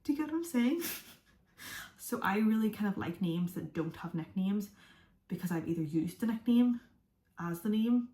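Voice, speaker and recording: A woman's voice: medium pitch, animated, normal speed, pauses often, dark tone. Chatty young woman, echoey room. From from outside the USA. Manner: rambling, chatty, drops into whispers. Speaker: vlogger. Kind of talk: casual chat to camera.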